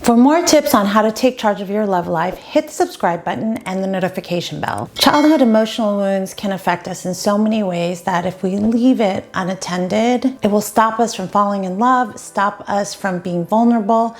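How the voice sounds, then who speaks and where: A woman dating coach giving advice straight to the viewer in a gentle, encouraging way. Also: medium pitch, moderate pace, hardly any pauses. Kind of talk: advice talk to camera.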